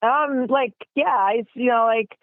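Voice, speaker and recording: A woman's voice: on the high side, a little slow, no echo. A woman from New York, a guest actress chatting casually in an interview, rambling with lots of fillers. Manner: rambling, heavy use of fillers like "like" and "you know". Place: remote call from home city. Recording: tinny phone line, dry.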